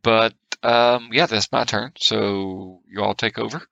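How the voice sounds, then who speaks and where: Gravelly, bright-voiced man at play. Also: lowish voice, fairly even intonation, unhurried, no room sound, muffled recording. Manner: chatty, laughs often, trails off mid-sentence. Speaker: player. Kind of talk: tabletop game play over voice chat.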